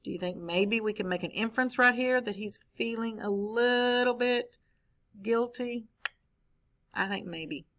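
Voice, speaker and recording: A woman teacher reads a story aloud to children, pausing to explain things and ask them questions in a read-aloud lesson. Her voice is on the high side, fairly bright, and a little slow.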